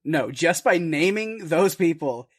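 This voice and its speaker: A man co-hosting a podcast, talking casually with a lot of filler words and quick laughs. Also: a little high, expressive, breathy edge. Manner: chatty, with frequent fillers and laughs. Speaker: podcast co-host.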